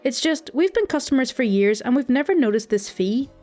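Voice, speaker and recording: A woman's voice: high-pitched, big pitch swings, brisk, dark tone, soft background music. Woman voicing a stubborn elderly man caller. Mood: insistent. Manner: indignant, stubborn and accusing. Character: grumpy elderly man calling his bank. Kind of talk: storytime reading.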